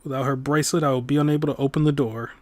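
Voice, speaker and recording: A man voicing a cold, sadistic older male villain who speaks with calm, formal, mocking menace. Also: medium pitch, very fast, no room sound, lightly acted. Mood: coldly menacing.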